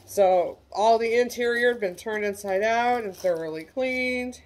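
Her voice sits a little high and she takes her time. She's a middle-aged online reseller from the U.S., casually presenting handbags for sale in a folksy, self-mocking way.

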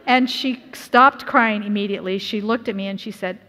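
A middle-aged woman from Utah giving a personal testimony sermon at a conference, telling her story earnestly with lively quoted asides. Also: mid-range voice, moderate pace, few pauses. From Utah, USA. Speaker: conference speaker. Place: church conference hall. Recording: reverberant hall.

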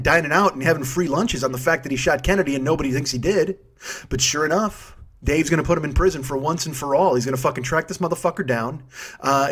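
A man's voice: fairly high pitch, fairly bright tone, husky. A man in his fifties hosting a solo comedy podcast, profane and self-mocking, wandering off on tangents. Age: 50s. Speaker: podcast host.

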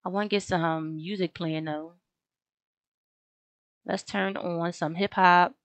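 A woman's voice: fairly low pitch, fairly even intonation, slow, no room sound. A young woman casually commenting on her game as she plays, chatty and slangy, often talking straight to her viewers. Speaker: gaming video host.

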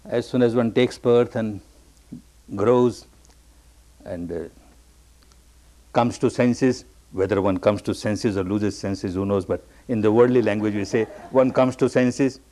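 A man giving an evening meditation discourse as a teacher, telling a story slowly in simple, repeated phrases. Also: lowish voice, steady tone, warm tone, a little hiss or hum.

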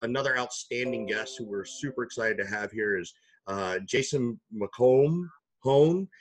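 A man's voice: fairly low pitch, fairly even intonation, normal speed, bright, forceful tone. A man hosting a podcast, upbeat and enthusiastic as he introduces and questions his guest. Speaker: podcast host. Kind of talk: casual interview chat.

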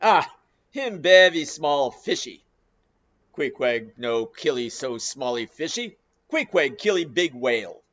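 A man's voice: on the high side, big pitch swings, moderate pace, few pauses, lo-fi sound. Man doing a scornful tattooed harpooner. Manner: loud, broken clipped English, disdainful. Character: brawny tattooed harpooner, calm and scornful, broken speech.

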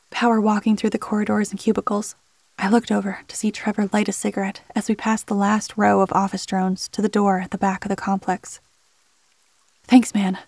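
A woman narrating a first-person horror story in a measured, scripted delivery. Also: medium pitch, a little mellow, dry recording.

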